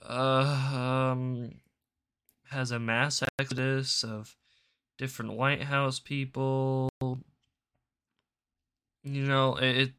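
Male commentator for reaction videos: bright, sharp voice at mid pitch, sarcastic rambling delivery into a home desk mic. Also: flat delivery, slow pace, clean tone. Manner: sarcastic, rambling, swears casually. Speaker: political commentator. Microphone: desk microphone.

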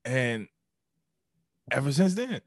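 A man in his thirties, a podcast guest, telling an emotional personal story and acting out the voices of his past self with sudden lively bursts. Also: medium pitch, slow, no echo, studio quality. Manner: animated, acts out his own past voice.

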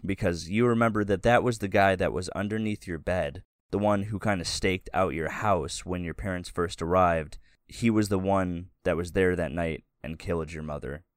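A man's voice: low-pitched, normal speed, no room sound, studio quality. A man narrating as game master, describing scenes loosely and improvising as he goes.

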